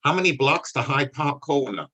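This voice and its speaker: A man's voice: a little high, lively intonation, moderate pace, pushed and bright, slightly rough, pitched above the performer's own voice, heavily acted. A man putting on a pushy American tourist lady. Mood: insistent. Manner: insistent, impatient questioning. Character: pushy middle-aged female American tourist.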